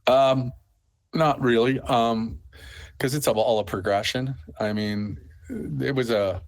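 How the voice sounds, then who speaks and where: A man's voice: medium pitch, steady tone, slow. A middle-aged man from Canada, a festival owner being interviewed, who rambles through his stories and leans on fillers. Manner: rambling storyteller, full of fillers. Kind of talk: conversational interview.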